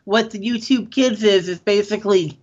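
A man's voice: sits high, moderate pace, a little hiss or hum. A man co-hosting a podcast who reads news stories in a casual chat and often stumbles and corrects himself. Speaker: podcast co-host. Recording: dull lo-fi sound.

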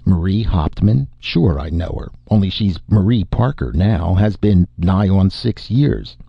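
A man voicing a burly, blunt middle-aged farmer who talks in a drawling, gruff way. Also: low-pitched, animated, a little slow, dry recording, dull audio, exaggerated voice.

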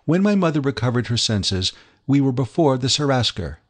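A man's voice: mid-range voice, very animated, normal speed, pitched above the performer's own voice. A man voicing a young woman in an audiobook, telling a sorrowful story with earnest feeling. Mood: grieving.

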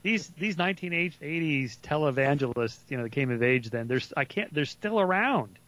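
A man's voice: a little high, animated, moderate pace, fairly bright tone. A man speaking as a guest author in a casual radio interview, hesitant and full of fillers and restarts.

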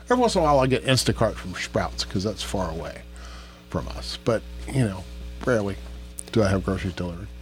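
Man, casual podcast chat, animated storytelling, faint music behind. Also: on the low side, fast talker. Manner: chatty, animated storytelling with quoted voices. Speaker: podcast co-host.

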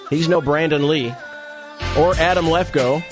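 A man's voice: a little high, over music. Upbeat male sports radio host. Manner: upbeat, quick interjections.

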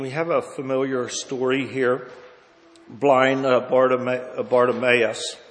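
A man preaching a sermon and reading scripture, rising to loud impassioned cries and dropping to hushed low lines. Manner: reads scripture in old-fashioned wording. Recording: long hall reverb.

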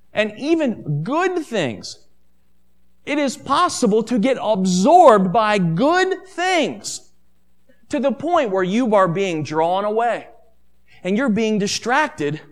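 Pastor type, emphatic man preaching, high-pitched, big swings in pitch. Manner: emphatic, repeats phrases, rhetorical questions. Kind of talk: sermon.

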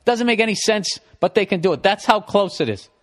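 A middle-aged man with a Boston accent, hosting a podcast with a profane, animated comedic ramble. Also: sits high, fairly quick. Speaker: podcast host.

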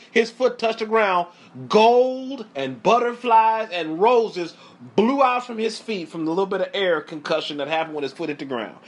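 High-voiced, slow preaching man. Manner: emphatic and repetitive, keeps urging listeners to watch. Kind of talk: sermon.

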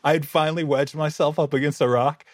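A man co-hosting a sports podcast, telling a story in lively casual chat and laughing often. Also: on the high side, quick pace, dry recording. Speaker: podcast co-host, NFL writer.

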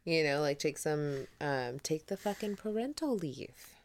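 A woman co-hosting a podcast in loose, casual chat, her pitch swinging widely as she talks. She laughs often and swears freely, and her throat sounds sore. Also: animated, a little slow, slight background noise. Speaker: podcast co-host.

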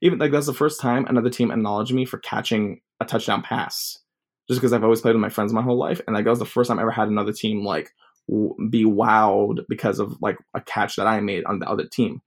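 A man's voice: fairly low pitch, steady tone, fast, creaky. A man in his twenties telling a personal story casually, rambling with many fillers. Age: 20s.

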